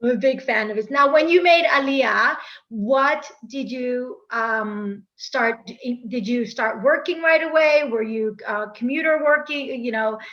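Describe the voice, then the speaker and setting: On a dull lo-fi recording, an American woman hosts a casual podcast interview, her voice on the high side, a little slow, and fairly bright. She gushes and chats, with frequent fillers and restarts; she is from the United States.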